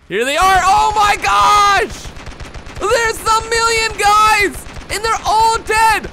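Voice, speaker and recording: Excitable high-voiced gaming commentator man. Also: background noise. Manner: excitable, exclaiming, addresses viewers as guys. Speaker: gameplay commentator. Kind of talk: excited video game commentary. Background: game gunfire and explosions.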